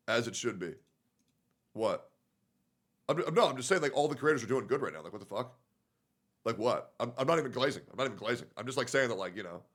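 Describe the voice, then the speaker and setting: A man's voice: medium pitch, a bit bright. A young man streaming in casual commentary, reacting to posts in a profane, filler-heavy, muttering way.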